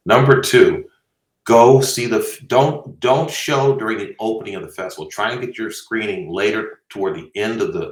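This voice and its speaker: A low-voiced man telling stories and giving advice in a blunt, animated, jokey way. His voice sits back from the mic in an echoey room. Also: distant mic. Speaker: film festival co-founder, guest. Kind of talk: casual interview storytelling.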